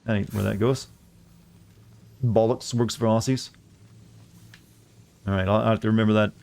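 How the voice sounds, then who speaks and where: A man's voice: lowish voice, fairly even intonation, normal speed, vocal fry, darkish tone. A man chatting casually while streaming a game, rambling and joking at his own expense, full of fillers and restarts. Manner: rambling, self-deprecating joker with many fillers and restarts. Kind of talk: casual live-stream chat while playing.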